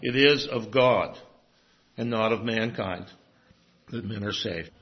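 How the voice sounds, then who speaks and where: Slow, emphatic preacher man, lo-fi sound. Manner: measured, emphatic, drops low at ends of points. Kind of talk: expository sermon. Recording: dull, lo-fi sound.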